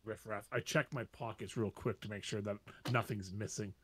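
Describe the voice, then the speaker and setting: A man playing in a tabletop game, talking in an animated, casual way. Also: on the low side, moderate pace, no echo.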